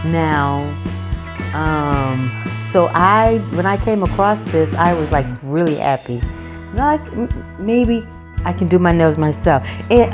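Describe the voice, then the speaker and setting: Woman vlogger, deep voice, rambling casual storytelling, guitar music behind. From North Carolina, USA. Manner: rambling, storytelling with self-corrections. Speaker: nail vlogger. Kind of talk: casual chat.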